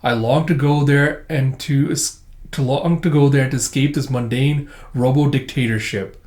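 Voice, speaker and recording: A man's voice: medium pitch, fairly even intonation, normal speed, a little mellow, close to an everyday voice. A man voicing a polite male robot companion who speaks formally and literally, in a roomy recording. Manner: formal, stiff, overly literal. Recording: roomy echo.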